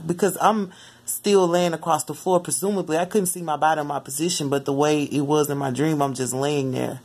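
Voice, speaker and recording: A mother telling the story of a dream in casual, rambling vlog talk, often jumping into lively quoted asides. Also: lowish voice, a little fast, slightly rough. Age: adult mother. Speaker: spiritual vlogger.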